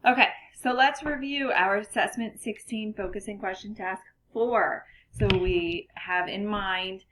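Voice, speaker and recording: A woman's voice: medium pitch, unhurried, background noise. A young woman teacher talking through a recorded lesson for her students, chatty and full of ums, a little out of breath. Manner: chatty, many ums, self-correcting. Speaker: classroom teacher.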